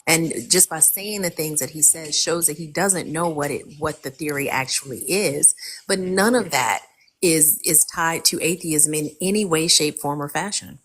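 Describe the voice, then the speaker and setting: A woman explaining her point in a measured way during a casual podcast chat. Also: deep voice, fairly bright tone, slightly rough. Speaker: podcast co-host.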